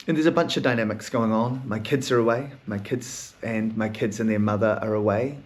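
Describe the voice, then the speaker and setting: A man's voice: fairly low pitch, brisk. A man hosting a solo podcast, talking in a raw, emotional, rambling way and swearing often. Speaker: podcast host.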